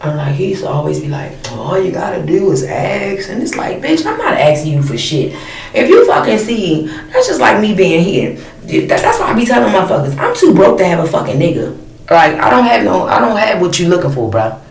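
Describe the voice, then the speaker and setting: A woman's voice: lowish voice, huge pitch swings, brisk, creaky, darkish tone. A woman in her thirties telling a personal story as a blunt, profane, fired-up rant in casual talk to camera. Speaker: storyteller vlogger. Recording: echoey room, mic at a distance, faint noise.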